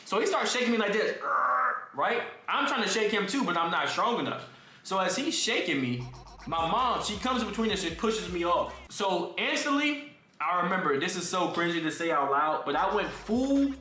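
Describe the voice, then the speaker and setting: A man's voice: sits high, pushed and bright, reverberant. A young man streaming, casually telling a story to his chat in slang and talking straight to his viewers. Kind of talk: animated storytelling to a live chat.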